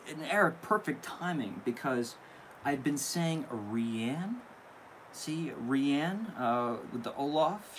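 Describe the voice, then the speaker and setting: A man's voice: mid-range voice, background noise. A young man hosting a casual live stream, opening viewer mail and gushing with thanks. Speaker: candle channel host.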